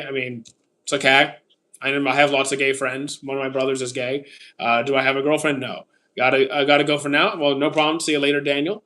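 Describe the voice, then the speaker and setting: A man's voice: mid-range voice, a bit bright. Man in his thirties chatting on stream. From Canada. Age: 30s. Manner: reads out viewer questions and answers them briefly with frequent "uh"s. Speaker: streamer answering chat. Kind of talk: casual livestream chat.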